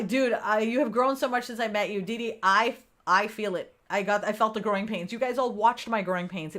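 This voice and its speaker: Chatty woman hosting a live stream. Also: mid-range voice. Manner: animated, laughs often, acts out her own inner voice. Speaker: livestream host. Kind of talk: casual live chat with viewers.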